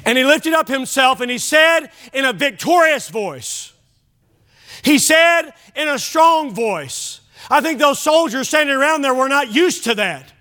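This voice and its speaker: Fervent male pastor, very high and sharp voice, shouts his sermon. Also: lively intonation, unhurried. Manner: impassioned preaching, often shouting; addresses listeners as friend.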